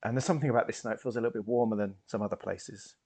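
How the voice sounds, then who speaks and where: A man voicing a friendly young woman spacefarer in a tabletop game, speaking in a soft, coaxing way that drops to hushed tones. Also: fairly low pitch, fairly even intonation, racing, slightly rough.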